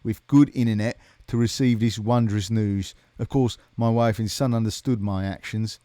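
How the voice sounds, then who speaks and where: A man on a live stream reading a chat message in a deliberately bad, over-the-top Cockney accent. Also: fairly low pitch, steady tone, warm tone, no echo, natural voice. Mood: hammy. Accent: exaggerated fake Cockney. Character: mock Cockney man, loud, hammy.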